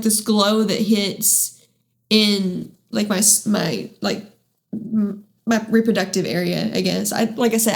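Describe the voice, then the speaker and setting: A woman hosting a podcast, sharing her personal faith testimony at home in a candid, halting way, with many restarts and self-deprecating asides. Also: medium pitch. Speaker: podcast host.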